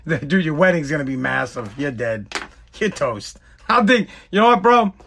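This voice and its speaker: A man with a high, lively voice rants on his podcast with mocking exasperation. His tone is sharp and forceful as he keeps cracking himself up between lines. He is recording at home. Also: moderate pace, gravelly, slight background noise. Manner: exasperated, mocking, breaks into laughter. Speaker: podcast host. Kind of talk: comedic podcast rant.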